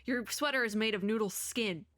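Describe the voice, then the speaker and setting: A woman's voice: on the high side, normal speed, fairly bright tone, dry recording, lightly acted. A woman reading as a squeamish male sheep. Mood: grossed out. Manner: reading lines aloud, dramatic.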